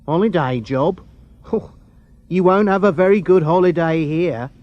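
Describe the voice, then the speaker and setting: A man's voice: fairly high pitch, measured pace, muffled recording, voice pushed up, natural voice. A man voicing a gloomy, grumbling station supervisor in a storybook reading. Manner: grumbling, discouraging.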